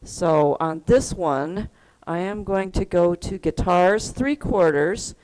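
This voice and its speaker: This woman's voice is lowish, darkish, and clean, and she speaks slowly as she teaches an online keyboard lesson. Using a computer mic on a video call, the music teacher patiently explains rhythm and counts beats aloud.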